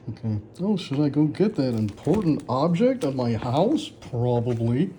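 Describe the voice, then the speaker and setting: Self-mocking man with a lively, dark voice. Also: medium pitch, measured pace, slight background noise. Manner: sarcastic, self-mocking, laughing often. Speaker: author reviewing his old story. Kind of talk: casual reaction commentary.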